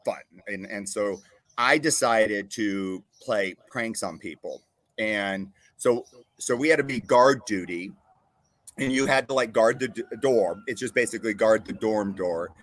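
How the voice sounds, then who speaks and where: Laughing, animated male talk show host. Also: medium pitch, dry recording. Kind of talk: casual storytelling chat.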